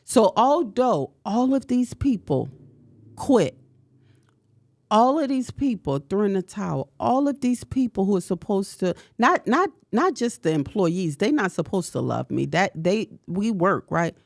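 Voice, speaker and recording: A woman's voice: medium pitch, big pitch swings, a little slow, gravelly, a little mellow, no echo, studio quality. A woman podcast host giving an impassioned motivational talk, preacher-like, repeating her lines and confessing.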